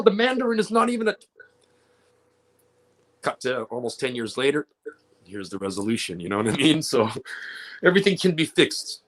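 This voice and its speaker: A man's voice: fairly low pitch, a bit bright. A man speaking as an actor on a panel, candid and joking, with frequent restarts. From Canada. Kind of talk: panel discussion.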